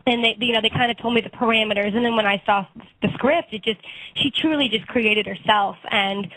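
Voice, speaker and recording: A young woman talking in a relaxed interview, her voice sitting a little high and sounding close and dry, with no room echo. She chats freely and breaks into laughter between phrases. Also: brisk. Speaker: guest actress and singer. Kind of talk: casual interview.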